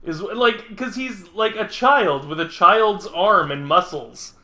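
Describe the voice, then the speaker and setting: A man's voice: sits high, animated, slow pace, bright, forceful tone. A young man streaming a game, telling a long rambling story full of fillers and laughter. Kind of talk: casual gameplay chat. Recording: echoey room.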